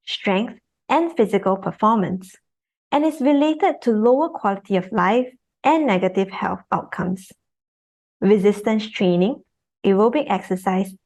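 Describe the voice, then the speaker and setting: A young woman presents a scientific article on a webinar. She reads in a careful, formal way at a middle pitch, spelling out technical terms one by one over a computer mic. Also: darkish tone. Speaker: research assistant presenting.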